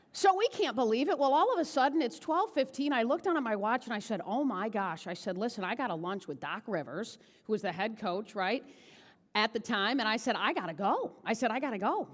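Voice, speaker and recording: A woman giving a motivational keynote speech, telling a personal story in a chatty, animated way and often asking the audience "right?". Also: a little high, long reverb tail. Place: large event hall.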